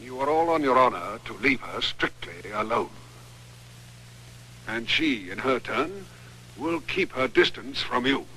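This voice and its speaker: Film role: a stiff older English officer, with an English accent and a bright, animated voice. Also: male voice, medium pitch, slight background noise, low-quality recording. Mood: stern. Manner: formal, halting commands.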